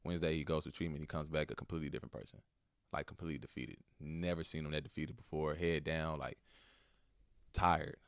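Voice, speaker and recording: A young man from Texas with a Texan accent and a strikingly deep, low voice. He tells a painful personal story softly and haltingly, with lots of "bro" and "like". The sound is dry and close. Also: steady tone, clean tone, no echo. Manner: soft-spoken, halting, slangy with "bro" and "like". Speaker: podcast guest, basketball player.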